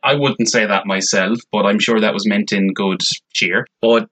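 Podcast co-host, young man, low husky voice, chatty and rambling. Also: steady tone, normal speed, fairly bright tone. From Ireland. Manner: chatty, repeats words when starting sentences. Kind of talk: casual film review chat.

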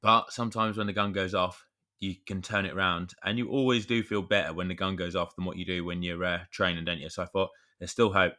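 A man's voice: sits low, fairly even intonation, fairly quick, pushed and bright. A man, co-hosting a podcast and telling a rambling story in casual chat. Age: 30s. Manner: rambling storyteller, chatty with mild swearing. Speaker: podcast co-host.

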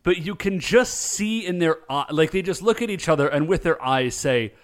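A man co-hosting a casual chat, retelling a show with lively voiced quotes. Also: fairly high pitch. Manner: animated storytelling with quick voiced quotes. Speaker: podcast co-host recapping a show.

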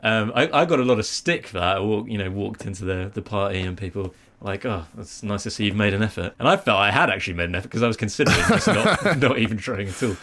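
A man's voice: fairly low pitch, lively intonation, fast talker, hardly any pauses, fairly bright tone. Self-deprecating man hosting a podcast. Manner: chatty, self-deprecating, stumbles over words. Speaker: podcast host. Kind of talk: casual cricket podcast chat. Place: studio.

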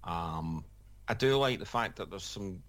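Very low voiced guy, dry humor, careful takes on football. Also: animated, fairly bright tone. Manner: measured, dry humour, hedging. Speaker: pundit. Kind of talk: casual panel chat.

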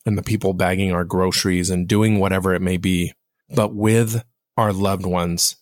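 A man hosting a casual solo podcast, speaking directly to his listeners in a reflective, self-deprecating way, with a fairly monotone voice. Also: sits low, moderate pace, no room sound, clean studio sound. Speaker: podcast host.

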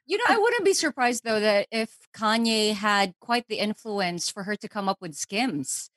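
A woman's voice: mid-range voice, lively intonation, normal speed, fairly bright tone, no echo. A woman co-hosting a gossip podcast, opinionated and given to wry asides. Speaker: podcast co-host. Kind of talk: casual celebrity gossip chat.

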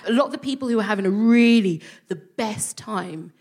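Animated London woman telling comic stories. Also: mid-range voice, fairly quick. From London, England. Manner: animated, swears freely, acts out voices. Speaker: co-host. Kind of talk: comic storytelling before a live audience.

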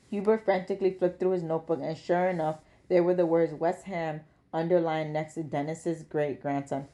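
Slightly low-voiced woman reading a story. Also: fairly even intonation, normal speed, hardly any pauses, mellow. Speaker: book club podcast host. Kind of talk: reading a novel aloud.

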